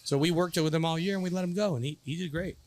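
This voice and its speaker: A man in his thirties hosting a casual bar chat show, telling stories in a rambling, animated way. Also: a little high, very fast. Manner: rambling, animated storytelling with quoted voices. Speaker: podcast host and youth baseball coach.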